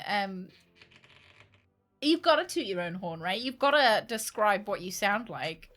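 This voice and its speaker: Bright, chatty woman streamer. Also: medium pitch, sing-song, unhurried, long pauses, soft background music. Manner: chatty, joking, laughs often. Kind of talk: casual chat while gaming. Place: home room.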